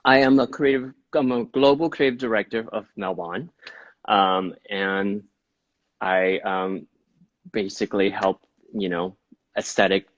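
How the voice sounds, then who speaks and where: A man's voice: lowish voice, fairly even intonation, a little slow, lo-fi sound. A man chatting as an interview guest on a live video call, rambling and laughing often as he trails off. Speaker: global creative director, interview guest.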